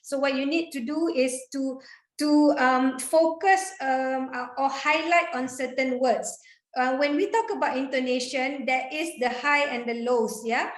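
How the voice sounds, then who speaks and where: A woman talks energetically in a high voice, giving speaking tips to a panel. Her voice rings in an echoey room. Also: measured pace. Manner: energetic, chatty, demonstrates intonation with examples. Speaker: guest speaker on public speaking. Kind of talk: online panel talk.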